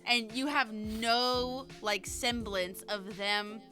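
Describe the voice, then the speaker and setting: A young American woman hosting a podcast in casual chat, bubbly and laughing with quick asides. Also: on the high side, music in the background. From United States. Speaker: podcast host.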